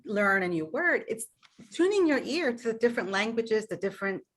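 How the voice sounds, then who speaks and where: A woman with a slightly high voice, speaking thoughtfully as a library guest on a radio talk show. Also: big pitch swings, fairly quick. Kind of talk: casual interview chat.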